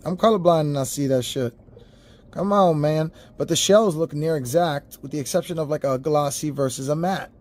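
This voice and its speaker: A man with a slightly higher voice runs a casual toy unboxing review. He talks straight to his viewers, swearing freely and ranting in an animated, exasperated way. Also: normal speed. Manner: animated, profane, exasperated rants.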